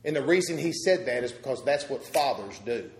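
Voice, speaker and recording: A man preaching a sermon, telling a story with pauses and repeated words, swinging from loud to soft. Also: mid-range voice, animated, very echoey, low-quality recording.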